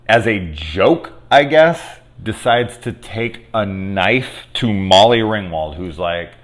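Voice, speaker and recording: Speaking slowly and expressively in a lowish voice, a man reviews a movie casually and spoils it along the way. His talk is rambling and profane, packed with ums and false starts.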